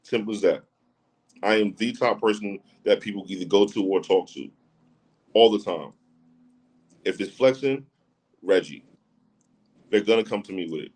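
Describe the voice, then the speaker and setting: A somewhat mellow, lowish male voice moves at a moderate pace and pauses often, captured on a rough recording. He's a podcast guest chatting casually, emphatic, repeating phrases, and often asking "you know what I'm saying."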